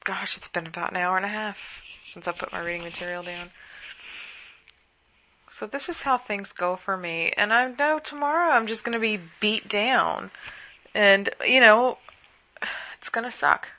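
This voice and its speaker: A woman's voice: medium pitch, normal speed, long pauses, sharp tone, slight background noise. Sleepy, rambling woman podcaster. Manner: chatty and rambling, with casual asides. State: sleepy and worn out. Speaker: podcast host. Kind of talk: rambling late-night podcast chat.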